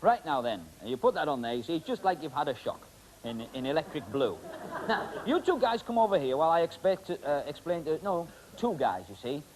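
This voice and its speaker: A man's voice: on the high side, big pitch swings, fairly quick, background noise. A man working as a stage magician, bantering in a joking, rambling way with volunteers on stage. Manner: joking, rambling, teasing, full of ums. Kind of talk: comic stage patter with volunteers.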